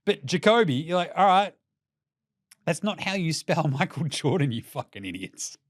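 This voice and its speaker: Aussie bloke ranting about basketball, swears a lot, voice jumps all over, kinda high, dry close sound. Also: male voice, normal speed, no room sound. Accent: Australian. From Australia. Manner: animated, sweary, mocking. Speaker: podcast host. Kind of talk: casual commentary rant.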